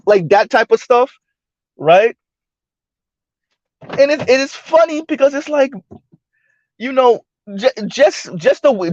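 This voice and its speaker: A man's voice: extremely high pitch, sing-song, a little slow, pauses often, darkish tone, dry recording, lo-fi sound. A man, giving blunt casual commentary to a live chat and often asking "right?". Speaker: live stream host.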